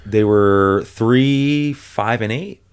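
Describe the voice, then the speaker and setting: A man who coaches fighters, co-hosting a podcast and telling a story with animated energy and frequent laughter. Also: on the low side, extremely slow, clean tone. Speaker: MMA coach and podcast co-host. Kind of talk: casual podcast chat.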